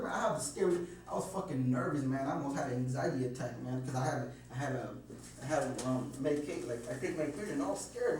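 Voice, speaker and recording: A man's voice: fairly high pitch, darkish tone. A man being questioned, nervously rambling through his account with lots of swearing and restarts. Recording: very echoey room, distant mic, faint hum.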